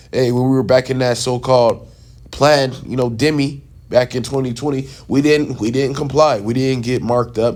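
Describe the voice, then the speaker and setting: A man giving a sit-down religious teaching in loose, casual talk. He checks in often with quick tags and turns heated and scornful. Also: medium pitch, darkish tone. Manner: talks loosely, checks in with "right?" and "okay?".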